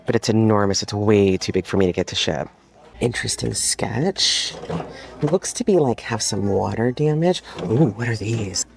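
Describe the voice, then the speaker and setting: A woman reseller talking casually in a thrifting vlog, excitable and gushing, often dropping into a whisper, recorded on a handheld phone in a thrift store. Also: a bass voice, moderate pace, gravelly. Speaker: vintage home decor reseller.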